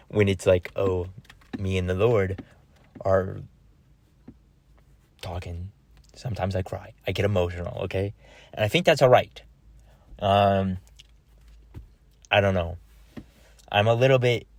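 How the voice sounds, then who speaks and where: A man's voice: low voice, dry recording. A young man talking casually into a close microphone, rambling with slang and laughing often. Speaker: vlogger. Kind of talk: casual personal chat.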